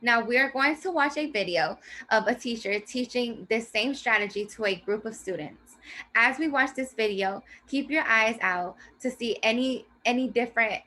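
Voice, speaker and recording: A woman teacher presents a reading lesson, spelling each step out clearly and patiently. Her voice is bright and pitched a little high. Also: slight background noise. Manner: slow, clear teacherly explanation. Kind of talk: scripted classroom presentation.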